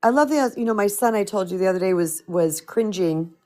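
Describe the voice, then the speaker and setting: A woman's voice: medium pitch, fairly quick. Chatty middle-aged woman with a crackly voice. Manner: animated and chatty, reads out viewer comments. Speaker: spiritual empowerment coach. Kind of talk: live-streamed coaching talk.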